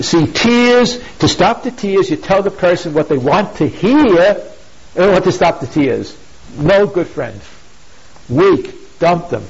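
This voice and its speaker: A man's voice: sits high, slightly rough. A man giving an informal moral talk. He retells an old story with rhetorical asides and emphatic repetition. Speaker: pro-life speaker. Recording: dull lo-fi recording.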